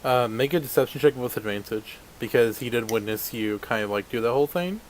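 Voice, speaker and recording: Man, game master, mid pitch, halting, faint hiss. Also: poor audio. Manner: halting, many fillers, voices guards plainly. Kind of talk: narrating a tabletop game.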